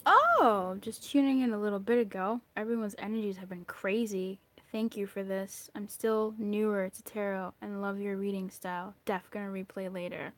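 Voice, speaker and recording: A bubbly, talkative woman with a voice of middling pitch, chatting with viewers while she reads tarot. She sometimes drops into a whisper for an aside. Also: normal speed. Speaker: tarot reader. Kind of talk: chatty live tarot reading.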